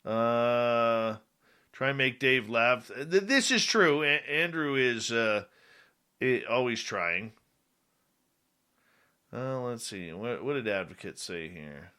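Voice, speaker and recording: A man's voice: mid-range voice, animated, takes it slowly, pauses often, sharp tone, clean tone. A man hosting a talk radio show, chatting casually with his guest and reading out names from the chat.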